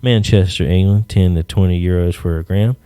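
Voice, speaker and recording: Deep-voiced, profane podcast host. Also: male voice, brisk, mellow, clear, resonant tone, no room sound. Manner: rambling, profane, jokey asides. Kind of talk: casual solo rant.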